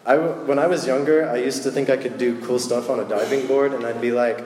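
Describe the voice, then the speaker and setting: A man's voice: medium pitch, steady tone, fast talker, hardly any pauses, a little mellow. A man giving a casual sermon, chatty and joking with slangy asides. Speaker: preacher. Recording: echoey hall with long reverb.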